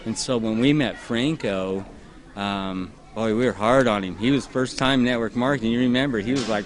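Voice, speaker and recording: A man in his forties, an interview guest, telling his story in a halting, emotional way with laughs. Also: medium pitch. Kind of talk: casual emotional testimony. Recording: outdoors with a crowd behind.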